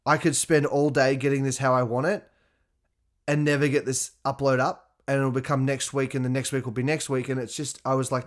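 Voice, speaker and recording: A man hosting his own podcast, talking candidly and profanely in a casual solo monologue, laughing often and getting louder when excited. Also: mid-range voice, fairly quick. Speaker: podcast host.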